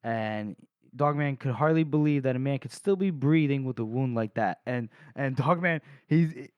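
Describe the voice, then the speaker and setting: This male book-podcast host, medium in pitch with a clean tone, rambles casually over a chapter summary, swearing, laughing often and racing through side comments. The recording is dry and lo-fi.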